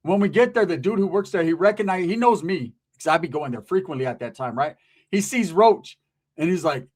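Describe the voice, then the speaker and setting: A man rattles off a rambling, profane story at a fast clip. His voice is a bit husky and sits somewhat high for a man. It is a loose, casual talk-show style. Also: darkish tone.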